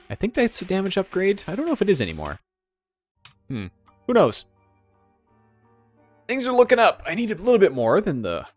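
A man giving casual, rambling gameplay commentary, joking at his own expense and making sound effects. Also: mid-range voice. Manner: rambling, self-mocking, sound effects and joke impressions. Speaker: let's play commentator.

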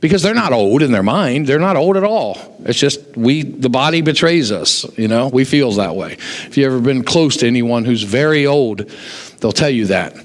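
A pastor preaching a sermon, telling stories and acting out the voices of the people in them. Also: male voice, mid-range voice, moderate pace. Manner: animated storyteller, acts out quoted voices. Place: church sanctuary. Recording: long hall reverb in a church.

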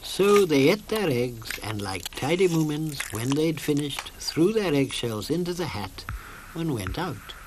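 Gentle male storyteller for a children's cartoon, slightly high and very lilting. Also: very animated, measured pace, noisy background. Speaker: narrator. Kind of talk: storybook narration.

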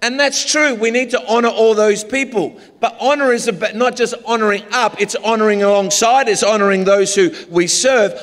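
High-voiced Australian pastor preaching. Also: male voice, normal speed, few pauses. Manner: humorous storytelling, animated. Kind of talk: sermon. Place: large church auditorium. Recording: long hall reverb.

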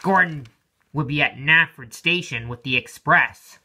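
A man's voice: a little high, a little slow, bright, forceful tone. A man casually narrating a toy-train story, correcting himself and adding playful asides.

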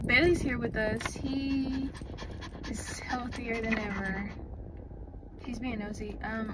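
A young woman with a slightly high voice chats to her camera in a slangy, animated way. She talks from inside a parked car. A dog pants steadily behind her, and the recording has clear background noise. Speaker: vlogger. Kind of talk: casual vlog chat. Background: dog panting.

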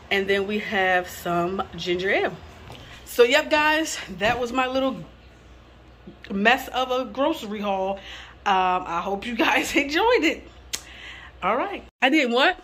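A woman's voice: fairly high pitch, fairly bright tone, a little hiss or hum. A woman in her forties, a mother of two, casually chatting to her viewers in a home vlog, easygoing and full of y'alls and ums.

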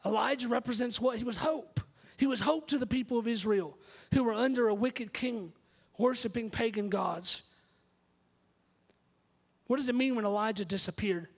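A pastor preaching an emphatic, story-driven sermon in a church sanctuary. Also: male voice, very high voice, normal speed, husky.

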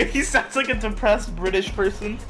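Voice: medium pitch, unhurried, a bit bright. A game streamer chatting casually and teasingly with friends while playing, laughing often, with game music in the background.

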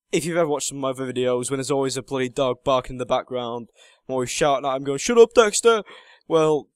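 A man's voice: medium pitch, dry recording. A man in his late teens giving casual, self-mocking commentary while playing a game, muttering to himself between remarks. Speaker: gaming channel host.

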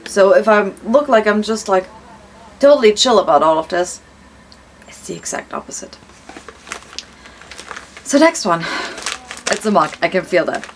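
A woman's voice: medium pitch, animated, measured pace, pauses often, slight background noise. A young woman vlogger talking casually as she opens presents, chatty and gushing. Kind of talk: casual unboxing vlog.

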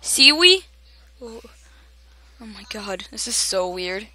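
A young woman giving excited gameplay commentary, often shouting at other players and laughing. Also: medium pitch, takes it slowly. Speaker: gamer.

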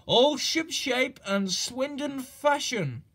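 A shy, modest little engine who speaks politely and earnestly, as a man puts him on. His voice is fairly high for a man, slow and lively in pitch. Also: husky, heavily acted. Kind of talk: storybook character voice.

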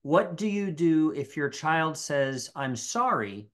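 A woman's voice: deep voice, expressive, slow. A woman co-hosting a parenting class, reading out the next question with brief affirmations. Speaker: co-host moderating questions.

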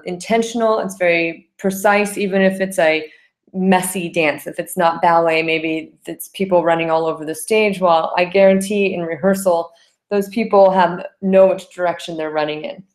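A woman teaching a dance class, explaining terms with frequent "okay?" checks and counting out rhythms aloud. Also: on the low side. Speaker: dance instructor. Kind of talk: classroom lecture.

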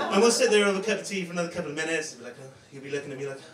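A man performing a stand-up comedy set on a club stage, with a deadpan, self-mocking delivery full of swearing. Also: high-pitched, fast. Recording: echoey room, distant mic, loud crowd noise.

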